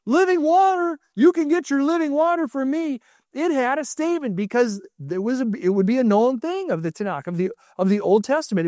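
A middle-aged man teaching a sermon in an animated way, often restarting and repeating words and raising his voice for quoted lines. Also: extremely high pitch, dry recording, studio quality.

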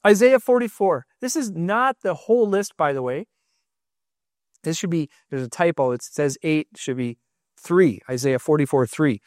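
A middle-aged man delivers a sermon with animated energy, stumbling and repeating words as he teaches. His voice sits high for a man. The sound is dry and close, with no room echo. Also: normal speed. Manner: animated, restarts and repeats words, raises voice for quotes.

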